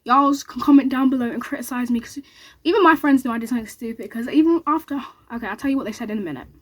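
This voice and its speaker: A young woman recounts a story straight to the camera. She talks very fast and excitedly, and plays the other people's lines as she goes. Her voice is slightly high with a husky edge. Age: young adult. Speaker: vlogger.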